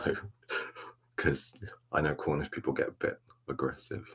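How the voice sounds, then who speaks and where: A man hosting a soft-spoken ASMR live stream, rambling laid-back as he reads and answers the chat, self-mocking. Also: very deep voice, steady tone, unhurried, breathy edge. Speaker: ASMR livestream host.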